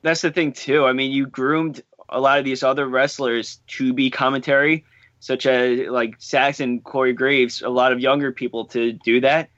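A man's voice: medium pitch, little pitch movement, moderate pace, a bit bright, no room sound. A man co-hosting a podcast, giving short agreeable replies and reading out news plainly. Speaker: podcast co-host. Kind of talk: casual wrestling chat. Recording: dull, dry lo-fi sound.

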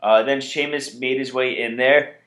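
A man co-hosting a casual wrestling podcast, talking in an easygoing, halting way with frequent restarts. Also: medium pitch, steady tone, fairly bright tone. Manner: easygoing, hesitant, many fillers and restarts. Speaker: podcast co-host. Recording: roomy echo.

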